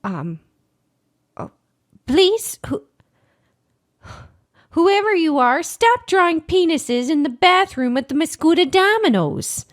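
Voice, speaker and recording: A woman's voice: mid-range voice, big pitch swings, a little slow. A woman playing a flustered small-town TV host who stumbles over names while reading community announcements. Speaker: public access TV host.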